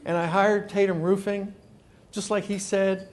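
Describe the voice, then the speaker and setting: A man with a rather high voice tells a story to a live audience. He is animated and acts out the other people's lines. He often repeats words as he starts a sentence. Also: measured pace. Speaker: consumer columnist giving a talk. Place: meeting room before a live audience.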